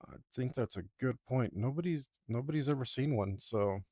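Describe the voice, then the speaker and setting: A man's voice: mid-range voice, normal speed, a little mellow, no echo, clean studio sound. Rambling man chatting while drawing. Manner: rambling, many fillers and self-repeats. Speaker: digital artist. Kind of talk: casual chat while drawing.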